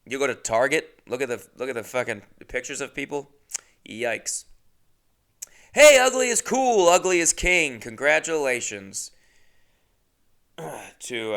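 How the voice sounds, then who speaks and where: A man's voice: medium pitch, bright, forceful tone, clean tone. A young man telling a rambling, self-deprecating comic story as a comedian, full of asides.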